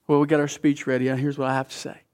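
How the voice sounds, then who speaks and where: A man preaching a sermon with emphasis, dropping from loud phrases to hushed whispers and asking the listeners questions like a teacher. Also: on the high side, flat delivery, rapid-fire, slight background noise.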